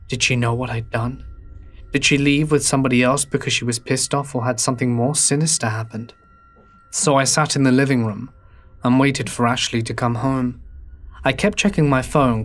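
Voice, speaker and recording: Somber man narrating a horror story. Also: medium pitch.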